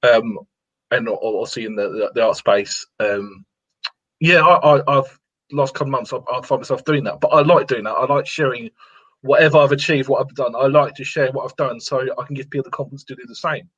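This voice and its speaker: A man's voice: medium pitch, a little fast, a bit bright, breathy edge. A man, a guest watercolourist, talking earnestly and repeating himself to encourage others in a casual interview. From England. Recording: lo-fi sound.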